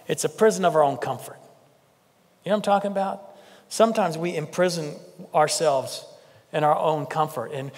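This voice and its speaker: A man preaching a sermon as pastor, animated and joking with the congregation. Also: high voice, long reverb tail. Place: church sanctuary.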